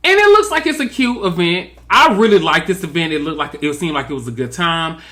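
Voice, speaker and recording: High, bright-voiced sassy man. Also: sing-song, fairly quick. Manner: sassy, drawling, mimics cast members in quotes. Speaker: reality TV commentator. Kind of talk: comedic TV recap commentary.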